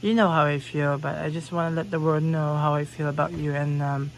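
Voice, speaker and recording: A woman's voice: low voice, steady tone, fairly quick, a little hiss or hum, poor audio. Giggly young woman rambling in her bedroom. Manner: giggly, rambling, swears often. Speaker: vlogger. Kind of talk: casual rambling room tour. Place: own bedroom.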